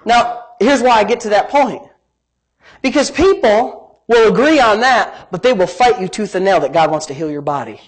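A middle-aged pastor preaches a sermon with animation, moving between quiet asides and emphatic, rising lines. His voice sits high with a breathy edge, at a normal pace, and the audio quality is poor.

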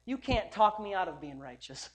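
A male pastor preaching a sermon at a church service, emphatic and repetitive, building up to loud declarations. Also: high-pitched, very animated, moderate pace.

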